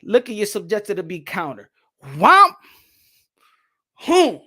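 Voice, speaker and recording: A man hosting a boxing show, talking in an animated, rambling way and slipping into Spanish. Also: high-pitched, moderate pace. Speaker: boxing podcast host. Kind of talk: casual boxing commentary.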